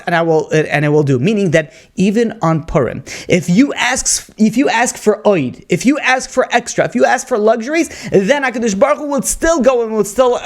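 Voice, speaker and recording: Male rabbi teaching, lively storyteller who peppers English with Hebrew phrases. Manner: animated storytelling, rising pitch for emphasis; mixes Hebrew and Yiddish terms into English. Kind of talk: Torah lecture.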